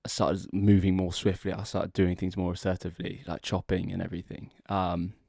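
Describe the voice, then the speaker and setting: A man's voice: sits low, monotone, brisk, creaky, darkish tone, dry recording, studio quality. A young adult man, a podcast co-host, casually telling a long, rambling joke story and laughing as he goes. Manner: rambling, laughs often, drags out the setup.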